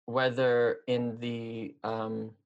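A man's voice: medium pitch, level tone, very slow, highs cut off. Rambling man in casual chat. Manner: rambling, hesitant with many fillers.

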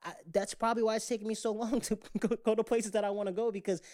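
A man co-hosting a casual podcast, with a fairly high tenor voice, rambling and restarting his sentences often. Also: level tone, quick pace, darkish tone. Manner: rambling, with many restarts and repeated words. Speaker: podcast co-host.

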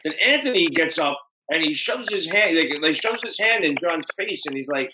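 A man hosting a podcast, telling stories in a rambling, animated way. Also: fairly high pitch, normal speed, hardly any pauses. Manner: rambling, animated storyteller doing voices. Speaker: podcast host. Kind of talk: casual podcast interview. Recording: echoey room with faint noise.

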